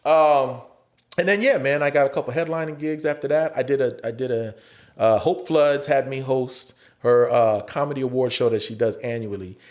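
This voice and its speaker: A man, an actor and stand-up comedian, telling stories as a guest in a casual interview, animated and profane, often acting out other people's voices. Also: medium pitch, normal speed.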